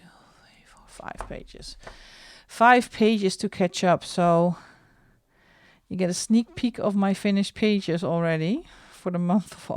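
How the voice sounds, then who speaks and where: A middle-aged woman talks through her coloring books in an easy, unhurried way, her lowish voice carrying some fry. The sound is close and dry, with no room echo. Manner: chatty, slow and unhurried, drops into soft asides. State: out of breath. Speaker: coloring channel host. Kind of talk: casual show-and-tell vlog.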